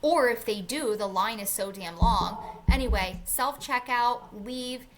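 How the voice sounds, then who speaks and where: A woman's voice: on the high side, a little slow, music in the background. A woman in her thirties co-hosting a podcast, telling a story in a casual chat, acting out the people in it and swearing freely. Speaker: podcast co-host.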